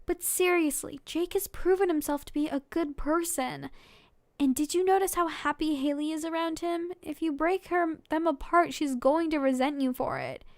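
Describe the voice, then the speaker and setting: A woman reading aloud a calm, gentle teenage boy character in her own voice. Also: sits high, moderate pace, no room sound. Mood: soothing.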